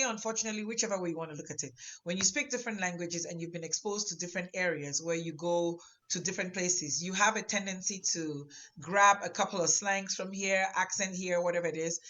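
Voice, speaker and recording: A middle-aged woman with an African accent, tinged with French, talking as a guest in an interview in an animated, emphatic and heartfelt way. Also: fairly low pitch. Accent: African, with French traces. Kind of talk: conversational interview.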